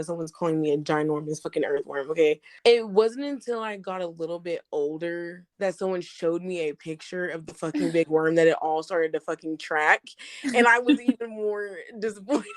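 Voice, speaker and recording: A woman's voice: on the low side, fairly quick. A woman in her twenties, co-hosting a podcast, telling candid stories with frequent swearing and laughter. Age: 20s. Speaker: podcast co-host. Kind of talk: casual storytelling chat.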